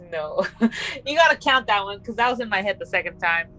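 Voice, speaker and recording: A woman's voice: medium pitch, expressive, normal speed, sharp tone, a little hiss or hum. A woman co-hosting a podcast in casual chat, blunt and easily disgusted. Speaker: co-host.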